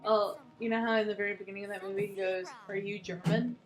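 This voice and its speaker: A woman's voice: medium pitch, little pitch movement, very fast, faint music behind. A woman joining a casual cartoon commentary, making dry joking asides.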